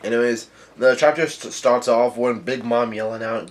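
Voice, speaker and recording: Man, mid-pitched voice, casual online recap, halting delivery, stalls and restarts. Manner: halting, hesitant reading with frequent stalls. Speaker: manga reaction YouTuber. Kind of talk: casual chapter recap and commentary.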